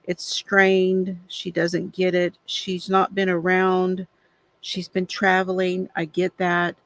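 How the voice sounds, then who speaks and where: A woman's voice: fairly low pitch, monotone, slow pace, dry recording. A middle-aged woman hosting a craft livestream, chatting casually and confidingly while she colors, with frequent sighs. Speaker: craft channel host.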